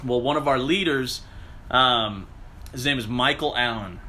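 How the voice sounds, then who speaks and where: A man recounting a story in casual chat, animated and profane, jumping into the voices of the people he quotes. His voice is bright and forward, with an ordinary middle pitch. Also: unhurried.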